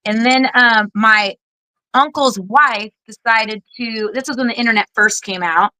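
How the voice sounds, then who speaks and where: This Air Force veteran in her forties is a guest giving a candid interview, and her voice is bright and forceful, sitting on the high side and moving a little slowly. She is blunt and animated, swears casually, and acts out what others said. The mic is close and dry with no echo, though the recording is rough.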